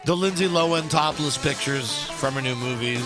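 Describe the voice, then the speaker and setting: A man's voice: on the high side, moderate pace, music in the background. A man hosting a radio talk show, rambling wryly through his list of topics with lots of restarts. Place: radio studio. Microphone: studio microphone.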